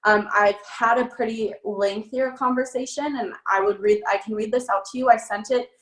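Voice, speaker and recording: A woman's voice: fairly high pitch, fairly even intonation, moderate pace, a bit bright. A young woman giving a casual sales training talk, chatty and upbeat with lots of fillers. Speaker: network marketing trainer. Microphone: phone. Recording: echoey room.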